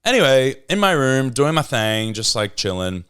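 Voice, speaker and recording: Animated man telling a story. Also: mid-range voice, normal speed, a little hiss or hum. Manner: animated storyteller, acts out quotes in a raised voice. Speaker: podcast co-host. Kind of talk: casual chat, storytelling.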